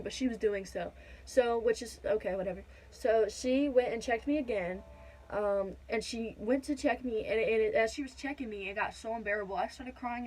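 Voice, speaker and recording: A woman's voice: on the high side, a little mellow, a little hiss or hum, rough recording. A young woman telling a personal story to her viewers in a chatty, direct way, filling gaps with "da da da.". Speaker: vlogger. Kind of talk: casual storytime.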